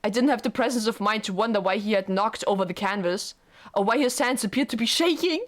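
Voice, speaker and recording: A woman reading a devoted young woman's lines from a visual novel aloud in an earnest, soft way, with faint game music behind her. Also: mid-range voice, fairly quick, close to an everyday voice. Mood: hushed. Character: gentle, devoted young woman narrating her love story.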